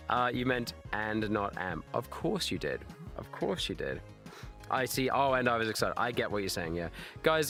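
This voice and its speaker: A man's voice: medium pitch, bright, forceful tone. An Australian man, a live streamer, chatting casually with his viewers and reading chat aloud, laughing and swearing freely.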